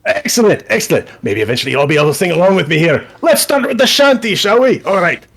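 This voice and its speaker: A man's voice: high voice, very animated, moderate pace, creaky, few pauses, fairly bright tone, husky, pitched above the performer's own voice, exaggerated voice. A man voicing a cheerful, chatty talking magic ship with a bubbly, exclamatory way of speaking. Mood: excited.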